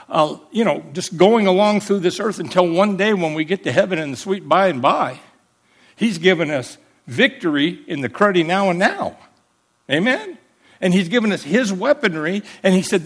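A man preaching from the pulpit in a fairly high voice. He talks emphatically, calling for amens and slowing down to spell out old words. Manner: emphatic preaching, calls for amens, explains Greek words slowly. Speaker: pastor. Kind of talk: sermon.

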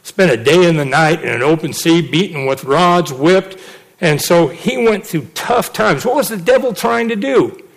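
High-voiced animated male preacher. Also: normal speed, vocal fry. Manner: animated storytelling, acts out quotes. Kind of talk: sermon with personal testimony.

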